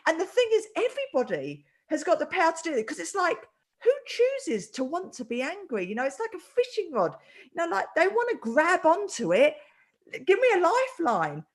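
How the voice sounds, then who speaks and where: A woman's voice: very high-pitched, brisk. A woman hosting a casual chat, telling a story animatedly and acting out the voices in it. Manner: animated storyteller, acts out quotes. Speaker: host.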